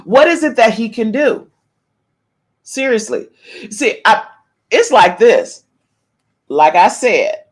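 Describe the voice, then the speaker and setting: Woman host, somewhat high voice, casual animated gossip chatter with her live chat. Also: takes it slowly, long pauses, slightly rough. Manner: animated, reads chat comments aloud, shouts meow to viewers. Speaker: podcast host.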